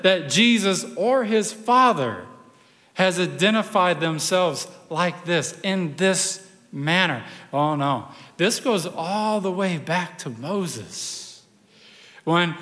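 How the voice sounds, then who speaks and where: A pastor preaching a sermon, telling the story in a conversational, animated way with personal asides. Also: male voice, high voice, long reverb tail.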